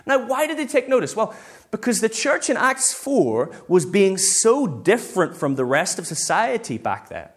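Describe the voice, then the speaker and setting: A man, a pastor preaching a sermon in a lively, conversational way. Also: sits high, normal speed.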